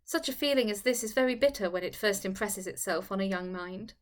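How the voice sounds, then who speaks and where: A woman reading a classic novel aloud as narrator in a measured, formal manner. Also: mid-range voice. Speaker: audiobook reader.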